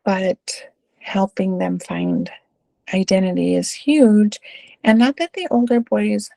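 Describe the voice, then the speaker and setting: A woman's voice: mid-range voice, expressive, slow pace, vocal fry, mellow, no room sound. A middle-aged woman with a Texan accent, a school administrator answering interview questions in a casual storytelling way, with lots of fillers and "right?" tags.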